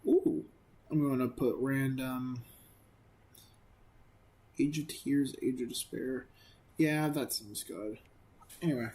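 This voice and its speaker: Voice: mid-range voice, slow pace, pauses often, warm tone, low-quality recording. A gaming video creator giving casual let's-play commentary, rambling and self-amused, with many fillers.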